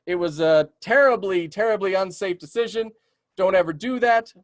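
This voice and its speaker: A man's voice: sits high, normal speed, no room sound, clean studio sound. A man who works as a community naturalist, teaching a casual webinar and answering audience questions with enthusiastic, chatty talk full of ums and okays, his voice a bit tired. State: voice getting tired.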